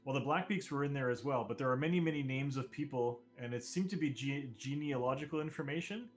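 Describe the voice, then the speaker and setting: A game master with a mid-range voice runs a tabletop game, narrating scenes slowly and descriptively. Faint music plays in the background.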